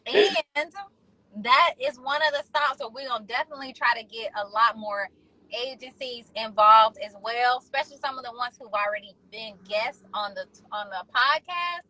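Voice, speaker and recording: A woman co-hosting a podcast live stream, talking casually in an animated, slangy, persuasive way. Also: fairly high pitch, moderate pace, dry recording, poor audio. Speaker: podcast co-host.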